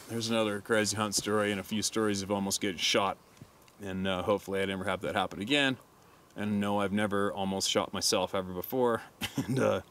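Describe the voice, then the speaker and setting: A man's voice: fairly low pitch, clear, resonant tone. A middle-aged man, a hunting guide, telling a crude story casually and laughing often. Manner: laughs often, crude and animated when quoting.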